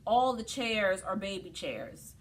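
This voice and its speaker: A woman co-hosting a casual chat, telling stories in an animated, opinionated way. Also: mid-range voice, takes it slowly. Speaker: podcast co-host.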